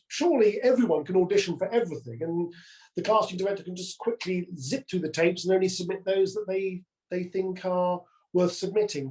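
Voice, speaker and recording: A man's voice: sits high, darkish tone, poor audio. A man chatting as an actor guest, earnest and reflective, repeating words as he thinks. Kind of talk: relaxed conversational chat.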